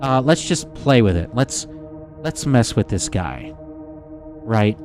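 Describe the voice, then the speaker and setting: Excitable male game streamer. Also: medium pitch, slow, over music. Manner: excitable, chatty, swears casually, talks to viewers by name. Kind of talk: live gameplay commentary to chat.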